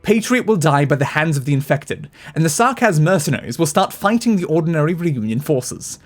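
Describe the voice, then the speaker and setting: A man voicing a cold, scheming young woman leader with a measured, brooding delivery. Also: fairly high pitch, lively intonation, faint music behind, close to an everyday voice.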